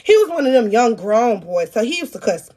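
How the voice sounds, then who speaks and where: A woman with a high voice tells a storytime to her viewers. She is crude and self-mocking. She speaks right to the camera and gets loud when she teases her younger self. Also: a little fast. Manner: animated, loud bursts when teasing herself. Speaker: vlogger. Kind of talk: storytime vlog.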